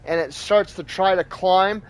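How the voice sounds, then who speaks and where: A man hosting a gaming video, telling a story in a casual, animated, profane way and acting out sound effects. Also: high-pitched, measured pace, clear, resonant tone. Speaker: gaming channel host. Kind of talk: casual storytelling over gameplay.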